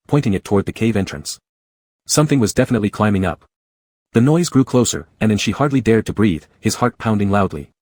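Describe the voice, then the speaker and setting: A man narrating an audiobook in a steady, even storytelling way. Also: lowish voice, no echo. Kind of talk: scripted narration.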